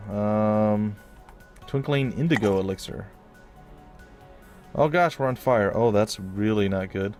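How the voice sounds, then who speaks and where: A man with a fairly low voice gives casual, jokey commentary while playing a game, chatting to his viewers as guys and folks. Game music plays clearly underneath him. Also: a little mellow. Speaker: let's play host.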